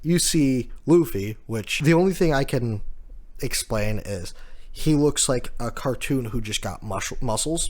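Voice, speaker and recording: Man recapping a comic chapter, laughing. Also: medium pitch. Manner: walks through panels, laughs often. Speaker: manga reviewer.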